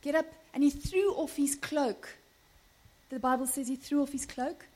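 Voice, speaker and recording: A woman preaches with animated energy, her voice sitting high. She keeps calling out to the congregation for amens and breaks into laughter as she talks. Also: a little slow. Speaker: pastor. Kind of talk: sermon.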